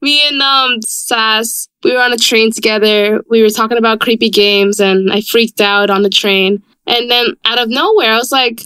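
A young woman co-hosting a casual podcast, chatty and quick to swear, rushing through words in quick bursts. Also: a little high, fairly even intonation, bright, forceful tone, clean tone, dry recording. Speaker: podcast co-host and founder. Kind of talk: casual chat.

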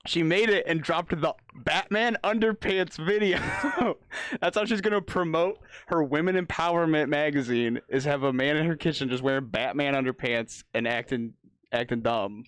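A man's voice: fairly high pitch, normal speed, a bit bright, smooth, no room sound. A man co-hosting a podcast, mocking a video in casual chat, laughing often and swearing. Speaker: podcast co-host.

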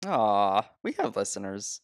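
A man's voice: fairly low pitch, sing-song, a little slow, dry recording. A young man co-hosting a casual movie podcast, joking, swearing and laughing often. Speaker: podcast co-host.

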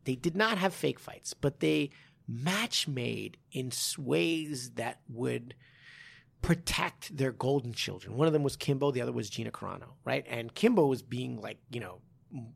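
A man with a strongly gravelly voice talks casually on a podcast, circling his points with restarts and quick laughs. His pitch moves around a lot as he goes. He sounds like a coach talking shop. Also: expressive. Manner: rambling, many restarts and fillers, laughs often. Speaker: podcast co-host, martial arts coach.

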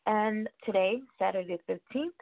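A woman's voice: medium pitch, moderate pace, creaky, no room sound. A woman hosting a radio show, chatting casually in a rambling way and laughing often. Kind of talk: casual show chat reading birthdays. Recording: tinny phone-like line, dry.

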